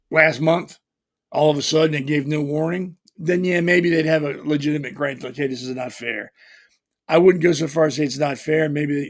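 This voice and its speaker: A man with a gravelly, slightly high voice holds forth as a podcast host. He talks bluntly and combatively, mocks the people he is criticizing, and often restarts his sentences. The delivery is an unscripted opinion monologue. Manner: repetitive restarts, frequent "you know". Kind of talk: opinionated political commentary monologue.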